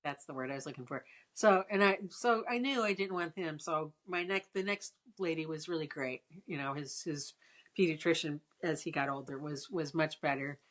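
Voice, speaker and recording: A woman's voice: low voice, moderate pace, a bit bright. A woman in her sixties in casual conversation, telling a personal story with frequent restarts. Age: 60s. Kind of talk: casual chat.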